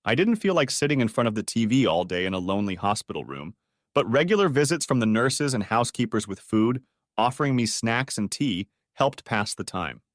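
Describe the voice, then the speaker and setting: An older man narrates a first-person audiobook story at a steady, even pace. His voice sits in a middle pitch. The recording is close and dry. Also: brisk, dry recording.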